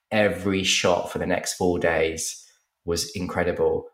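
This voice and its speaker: A man's voice: sits low, a little slow. A man casually telling a workplace anecdote, acting out what the people said. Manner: animated storyteller acting out quotes. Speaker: podcast guest telling a story.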